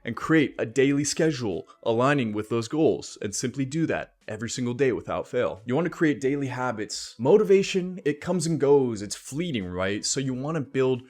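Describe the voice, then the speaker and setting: A man's voice: mid-range voice, animated, moderate pace, few pauses, a little mellow. A man hosting a casual style and self-improvement vlog, chatty and laid-back, often laughing as he talks. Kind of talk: casual advice vlog with sponsor read.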